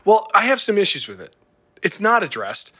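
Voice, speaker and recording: A man hosting a casual chat, animated and opinionated, laughing easily. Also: high-pitched, moderate pace, husky. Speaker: podcast host. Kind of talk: casual chat about film and wine.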